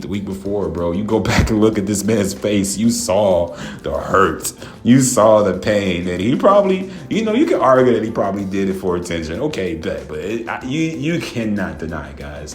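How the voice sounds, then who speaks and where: Low-voiced man ranting in slang. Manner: profane, laughing, repetitive slang ("man", "bro", "y'all"). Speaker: wrestling commentary vlogger. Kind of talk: casual ranting commentary. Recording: echoey room, faint music.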